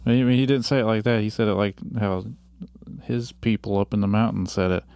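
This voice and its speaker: A man's voice: fairly low pitch, a little fast, a little mellow, dry recording. A man co-hosting a podcast, chatting casually and tossing in wry, jokey asides. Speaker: podcast co-host. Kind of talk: casual chat.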